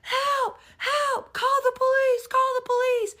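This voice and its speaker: A woman voicing a frantic woman shopper who yells accusations in a shrill, panicked voice. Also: little pitch movement, slow pace, exaggerated voice. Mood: panicked yelling.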